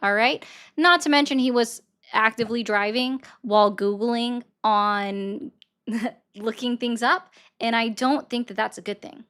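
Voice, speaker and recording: A woman's voice: on the high side, unhurried, a bit bright. A woman from the American South, casually talking to her live-stream chat and defensively explaining herself. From Southern United States. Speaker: livestreamer answering chat.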